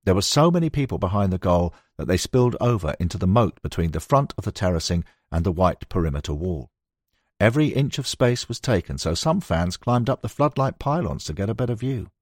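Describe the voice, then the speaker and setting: A man reading a nonfiction book aloud in a measured, storytelling manner. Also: deep voice, sing-song, no room sound, clean studio sound. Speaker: audiobook narrator. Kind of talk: scripted nonfiction narration.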